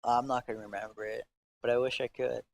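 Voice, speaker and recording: A man hosting a podcast in rambling casual chat, halting and slangy, filling his talk with "like" and restarting his sentences. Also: mid-range voice, flat delivery, vocal fry, a little hiss or hum. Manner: halting, filler-heavy, slangy, restarts often. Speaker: podcast host.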